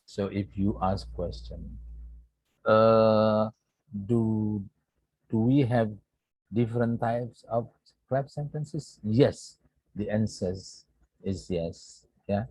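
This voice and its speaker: A lowish, darkish male voice with a breathy edge, captured with no room sound and poor audio. The speaker, a native Indonesian with an Indonesian accent, leads an online English grammar lesson that was recorded for his students. He goes over points again and again, explains slowly and deliberately, and keeps saying "yeah."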